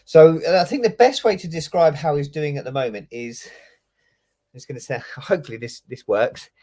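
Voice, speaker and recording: A man's voice: on the high side, moderate pace, dark tone. Easygoing man, chatting on a call. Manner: easygoing, hesitant, lots of fillers. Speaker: co-host, police officer. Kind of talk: casual chat.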